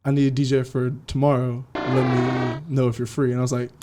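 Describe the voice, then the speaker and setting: A young man from California, a DJ guest telling his story in a casual interview, slangy and animated, acting out what people said. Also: mid-range voice, a little fast, music in the background. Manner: slangy, animated, acts out quotes.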